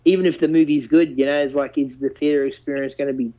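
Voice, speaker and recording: A man hosting a casual chat and telling stories in an animated way, swearing freely. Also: medium pitch, fast. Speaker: podcast host. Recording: dull lo-fi audio.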